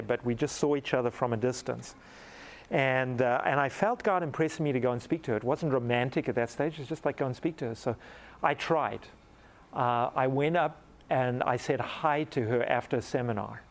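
A middle-aged man preaching, telling a personal story in a lively, animated way that rises into excited laughter. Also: medium pitch. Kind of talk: storytelling sermon.

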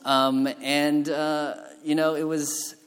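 A man's voice: fairly high pitch, takes it slowly, smooth. Man telling stories in an echoey hall. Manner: animated storyteller with fillers and restarts. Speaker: physician giving a conference talk. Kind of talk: storytelling presentation. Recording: hall reverb from a lecture room.

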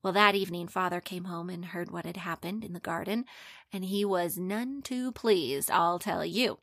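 A woman telling a children's story expressively, dropping to hushed asides. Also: lowish voice, normal speed, dry recording, studio quality.

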